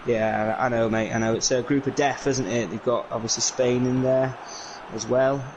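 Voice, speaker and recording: A man's voice: mid-range voice, moderate pace, muffled recording, noisy background. Man doing video game commentary. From England. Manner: lively, filler-heavy play-by-play. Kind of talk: solo play-by-play commentary.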